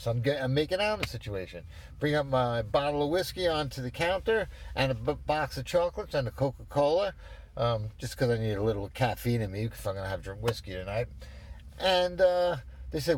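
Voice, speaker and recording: A man's voice: a little high, expressive, brisk. A man in his fifties ranting in a rambling, exasperated way, swearing as he goes. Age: 50s. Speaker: ranter. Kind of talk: casual rant.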